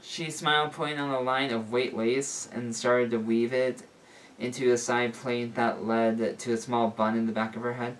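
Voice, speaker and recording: A man's voice: medium pitch, little pitch movement, normal speed, far from the mic. A man reading a homemade story aloud, stumbling and correcting himself as he goes. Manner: unpolished, stumbles and fixes his words. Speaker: story reader. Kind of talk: reading fan fiction aloud.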